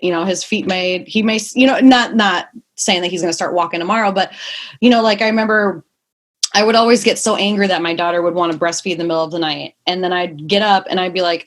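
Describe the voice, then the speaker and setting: Rambling young mother on a podcast. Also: fairly low pitch. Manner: fast, rambling, emphatic. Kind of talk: casual interview chat.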